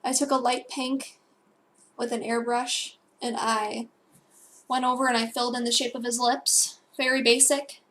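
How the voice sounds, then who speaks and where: A young woman narrates a digital painting tutorial from home, her voice a little high and fairly bright, delivered flatly at a moderate pace. She rambles and corrects herself with fillers and asides in a casual voice-over, and there's a little hiss or hum.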